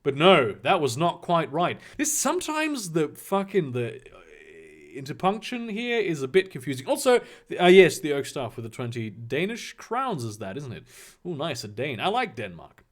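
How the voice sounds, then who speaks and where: A man reads a story aloud and breaks off constantly to tear into it with crude, swear-laden sarcasm. His voice sits high for a man and swings widely in pitch, animated and scornful. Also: moderate pace. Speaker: reader and commentator. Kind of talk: reading fan fiction aloud with mocking commentary.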